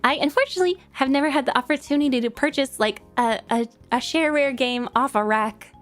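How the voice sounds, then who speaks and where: High-voiced giggly New York woman streamer. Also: fairly quick. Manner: giggly, lots of fillers and restarts. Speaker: streamer answering viewer questions. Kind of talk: casual chat. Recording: faint music behind.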